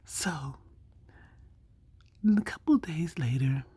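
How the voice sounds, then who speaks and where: A woman casually telling a story, animated, acting out the people she quotes. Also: low-pitched, slow pace, breathy edge, no echo. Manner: animated, acts out quoted dialogue.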